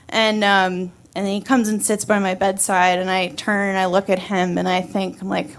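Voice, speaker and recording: A woman's voice: mid-range voice, fairly even intonation, moderate pace, fairly bright tone. Wry, chatty woman telling a story. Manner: casual and wry, many fillers. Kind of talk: live personal storytelling.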